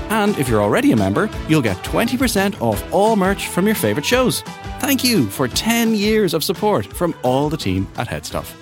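A man announcing a network promo, reading an upbeat, enthusiastic script. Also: fairly high pitch.

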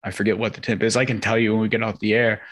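A man's voice: on the low side, little pitch movement, rapid-fire, a bit bright. A man co-hosting a podcast in casual chat, laid-back with a wry, profane way of talking. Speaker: podcast co-host.

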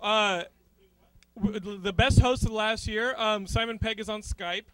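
A man hosting, teasing his guests with quick jokey banter. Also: high voice, bright, forceful tone, clear, resonant tone, no room sound. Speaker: host. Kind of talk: joking interview at a live event.

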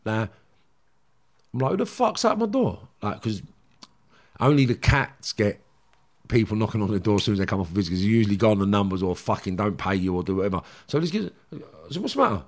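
A man's voice: lowish voice, animated, fast talker, long pauses. A man, a guest in a casual interview, telling a story animatedly and swearing often while he acts out what others said.

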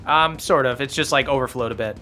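A man's voice: mid-range voice, a little fast, pushed and bright, faint music behind. A man narrating a tabletop game as game master, laughing often and rambling with fillers.

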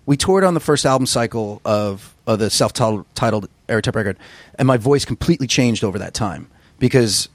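Casting: low-voiced gruff male rocker, rambling and profane, dry close mic. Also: animated, normal speed, no echo. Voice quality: gruff singer's voice. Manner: rambling, profane, self-deprecating storyteller. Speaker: musician guest. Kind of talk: casual interview chat.

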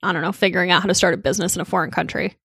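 A woman's voice: fairly low pitch, fairly even intonation, racing, fairly bright tone, breathy edge, dry recording, clean studio sound. A woman co-hosting a podcast in casual chat, wry and thinking aloud with plenty of fillers. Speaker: podcast co-host.

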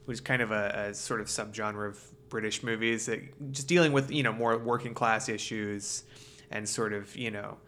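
A man's voice: lowish voice, fairly even intonation, normal speed, fairly bright tone. A man co-hosting a film podcast, talking in long rambling stretches with many fillers. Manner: rambling, lots of fillers and restarts. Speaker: podcast co-host. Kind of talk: casual film chat.

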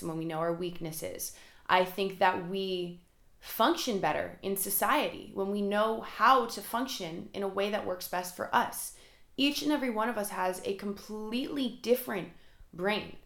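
Fast-talking young woman podcast host. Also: fairly low pitch. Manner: fast, excited, chatty. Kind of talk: casual solo podcast talk. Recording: roomy echo.

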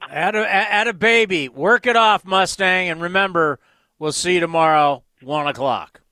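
A male sports radio host riffs through a rambling monologue, firing off exasperated rhetorical questions. His voice sits high and sounds bright and forceful. The studio sound is dry and close. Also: normal speed, no room sound. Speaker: radio call-in show host.

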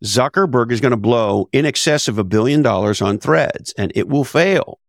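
An expressive, mid-range male voice moves at normal speed in a dry, clean studio recording. The speaker, an author and business advisor guesting on a podcast, is blunt and emphatic in this conversational interview, using rhetorical questions and swearing casually.

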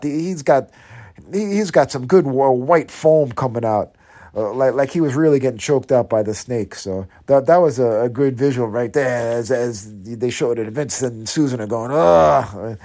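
A man's voice: medium pitch, mellow. A man from Long Island, New York, casually reviewing an old wrestling match on a podcast, rambling with many fillers and restarts. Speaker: podcast contributor.

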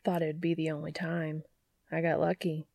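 A woman's voice: sits low, little pitch movement, moderate pace, creaky, mellow, no room sound. A woman reading the part of a joking, eager adult man in a casual tone. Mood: teasing, eager. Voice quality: casual and teasing. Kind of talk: audiobook character reading.

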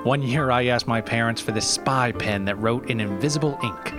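A man's voice: mid-range voice, moderate pace, lightly acted. A man playing an aging comedian who hosts his own show, nostalgic and rambling, stammering through hesitant restarts, with faint music behind. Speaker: show host. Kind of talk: comedy audio sketch.

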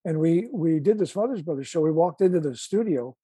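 A man's voice: fairly high pitch, lively intonation, brisk, warm tone, husky, no room sound. An older man with a Chicago accent, a guest musician telling stories in a rambling way with many restarts. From Chicago, USA. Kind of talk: casual interview chat.

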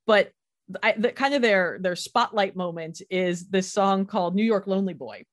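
A chatty woman hosting a relaxed conversation, talking with bubbly enthusiasm and laughing often as she goes. Her voice sits at an ordinary middle pitch. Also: normal speed. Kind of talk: casual chat.

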